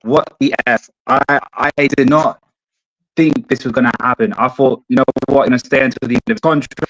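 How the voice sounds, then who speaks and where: A man's voice: mid-range voice, fairly even intonation, fairly quick, fairly bright tone. A man calling in as a football fan guest, stunned and blunt, swearing, over an earphone mic. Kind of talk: casual podcast chat. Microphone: earphone mic on a call. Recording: dull lo-fi call audio.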